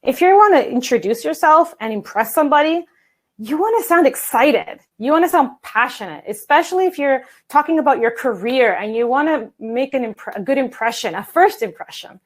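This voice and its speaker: An energetic woman coaches her viewers in a chatty, upbeat way over a video call. Her voice sits a little high, and she keeps calling her audience "guys" while standing at her desk. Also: brisk, low-quality recording. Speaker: English coach and presenter. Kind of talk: online workshop talk. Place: home office at a standing desk.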